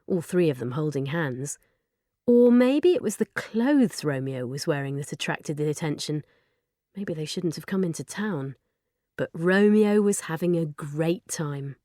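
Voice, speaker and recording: A woman's voice: on the low side, darkish tone, dry recording. A woman reads a children's story aloud, full of expression, with a voice that rises and falls a lot. The recording is close and dry, with no room sound. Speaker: audiobook narrator.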